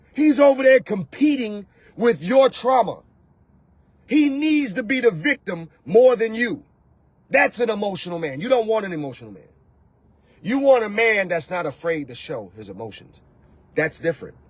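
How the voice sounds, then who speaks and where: A man, hosting a casual, animated, slangy monologue on relationships as a coach. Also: sits high, no room sound.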